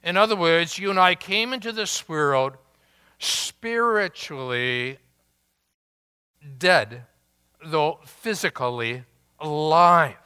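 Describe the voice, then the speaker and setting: Man, pastor, sermon, slow deliberate delivery, emphatic, bright smooth voice. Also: on the high side, big-room sound. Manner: deliberate, emphatic preaching with rhetorical questions.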